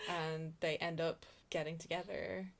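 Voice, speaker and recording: A woman co-hosting a podcast, chatting about a book and its film adaptation in a relaxed way, with lots of fillers and easy laughter. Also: low-pitched, unhurried, gravelly. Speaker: podcast co-host. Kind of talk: casual film chat.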